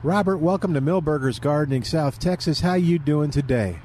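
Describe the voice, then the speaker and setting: Brief: male radio host, easygoing talker, mellow dark tone, faint hiss behind. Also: fairly high pitch, moderate pace. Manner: relaxed, chatty, laughs easily. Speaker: radio gardening show host. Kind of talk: casual radio chat and ad reads.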